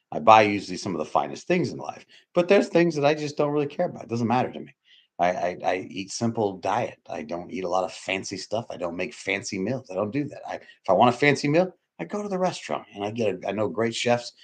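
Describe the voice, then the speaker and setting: A man giving an informal sermon, rambling and repeating himself, with emphatic swings between loud bursts and low murmurs. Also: sing-song, a little fast. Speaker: preacher.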